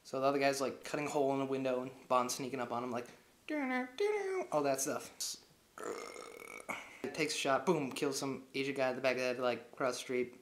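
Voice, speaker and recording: A man's voice: mid-range voice, little pitch movement, rapid-fire, hardly any pauses. A young man casually recapping a movie plot, rambling and full of filler words. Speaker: movie reviewer. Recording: echoey room.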